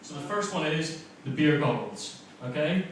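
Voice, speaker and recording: A young man from Northern Ireland with a softened Northern Irish accent, doing a chatty, self-mocking stand-up set and bantering with the crowd. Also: a little high, expressive, moderate pace. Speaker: stand-up comedian. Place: comedy club, live room. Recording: echoey club from far off, noisy.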